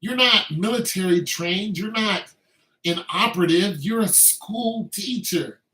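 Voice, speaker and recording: A man's voice: sits high, measured pace, bright, forceful tone, roomy sound, poor audio. A man, an army veteran, speaking in a casual commentary monologue, loose and conversational with many filler phrases. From Braddock, Pennsylvania.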